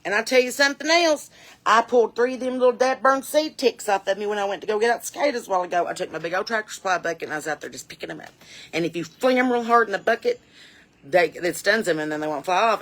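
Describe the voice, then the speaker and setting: Gal on her porch, folksy rambling comic chat, bright twangy voice. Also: mid-range voice, quick pace. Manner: chatty, folksy, rambling and sassy. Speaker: comedian and musician. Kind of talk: rambling comic monologue to camera. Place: outdoors on a home porch.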